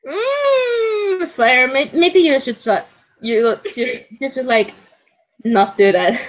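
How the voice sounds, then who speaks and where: A woman's voice: fairly high pitch, expressive, measured pace. A woman co-streaming in casual chat, teasing and often stammering over her words. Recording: dull lo-fi stream audio.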